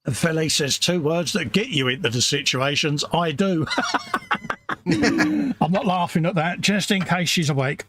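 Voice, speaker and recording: A man's voice: a little high, expressive, moderate pace, background noise. A man from the UK co-hosting a casual live stream, joking and mocking himself. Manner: jokey, self-mocking, acts out quoted voices. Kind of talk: casual chat.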